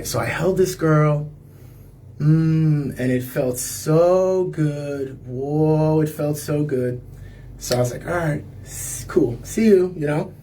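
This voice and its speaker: A singer-songwriter with a fairly high, warm voice tells a personal story on a livestream. He rambles loosely, with plenty of filler words and restarts.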